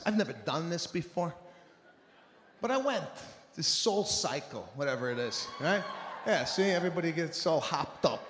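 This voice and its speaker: A male stand-up comedian telling stories in an exasperated, animated way on a large theater stage. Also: on the high side, normal speed. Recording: echoey theater with long reverb and audience noise.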